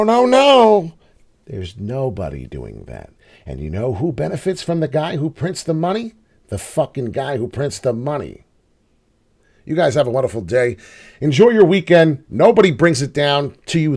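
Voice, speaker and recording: Middle-aged man, crypto host, lively swooping pitch, rambling, cursing, casual chat. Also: husky. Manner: animated, rambling, swears freely. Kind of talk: casual market commentary.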